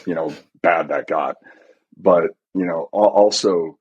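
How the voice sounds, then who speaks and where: A middle-aged man with a low, husky voice answers interview questions haltingly. He speaks softly and leans on filler words as he works through each thought. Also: highs cut off. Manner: halting, soft, frequent fillers. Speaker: guest, retired pararescueman. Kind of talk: reflective interview.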